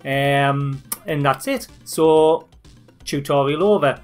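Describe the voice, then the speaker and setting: A man from northeast England with a broad northeast English accent, talking through a software tutorial for his channel in a chatty, informal way. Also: on the high side, slow, soft background music. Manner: chatty and informal, with fillers and restarts. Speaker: YouTube channel host. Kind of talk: screen-recorded tutorial walkthrough.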